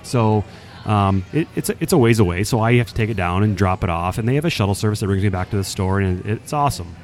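Male podcast host, lowish voice, lively storyteller who acts out what others said, faint music bed. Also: fast. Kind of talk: casual storytelling chat.

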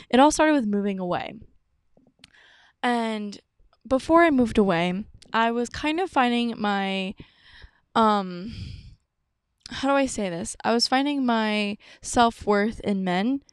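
A chatty woman in her twenties hosting her own podcast, talking loosely with plenty of "like" and "um" and slipping into little acted-out quotes of her past self. Her voice sits a bit high and comes through smooth and clean, recorded dry and close. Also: no room sound. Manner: chatty, peppered with "like" and "um". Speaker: podcast host. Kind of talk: casual chat.

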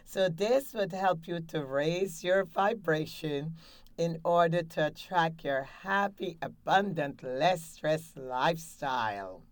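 A woman's voice: low-pitched, slow pace, dry recording. A woman hosting a laughter exercise show from a studio, guiding breathing and cheering listeners on in an upbeat way. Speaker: laughter yoga coach and show host.

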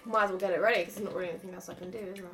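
A woman's voice: on the low side, fairly even intonation, rapid-fire, over music. A woman playing a tabletop game, chatting casually with short, playful replies. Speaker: player.

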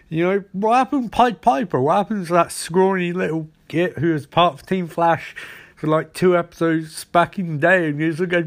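A man rattles through a comedic recap of a TV episode, full of sarcasm. His voice sits high for a man, and he jumps into the characters' lines as he goes. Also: moderate pace.

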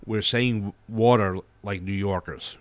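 A man's voice: fairly low pitch, steady tone, takes it slowly, no room sound. A middle-aged man from New York with a Brooklyn accent, co-hosting a podcast and telling stories in a wry, blunt way. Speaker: podcast co-host. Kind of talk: casual chat.

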